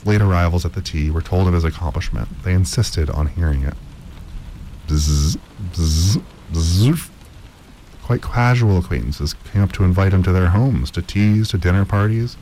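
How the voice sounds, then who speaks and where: Deep, mellow male storyteller. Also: animated, slight background noise, low-quality recording. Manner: measured, with occasional stumbles and repeats. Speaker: narrator. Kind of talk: storytelling read-aloud.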